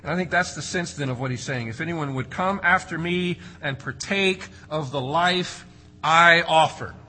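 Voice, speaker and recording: A man's voice: fairly high pitch, moderate pace, bright, forceful tone, a little hiss or hum, poor audio. A man preaching an expository sermon, emphatic, with rhetorical questions and strong rises and drops for stress. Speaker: pastor.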